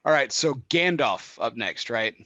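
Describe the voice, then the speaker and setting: Man, podcast host, rambling casual talker, bright close dry sound. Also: medium pitch, lively intonation, a little slow, dry recording, muffled recording. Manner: chatty, rambling, laughs a lot. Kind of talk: casual chat. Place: indoors, cigar podcast set.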